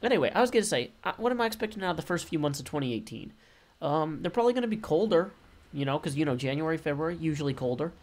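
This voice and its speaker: A man's voice: fairly high pitch, sing-song, racing. A man casually commenting on his game play, rambling, goofy and full of puns and self-corrections, recording away from home. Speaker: game video host. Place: relatives' home while traveling.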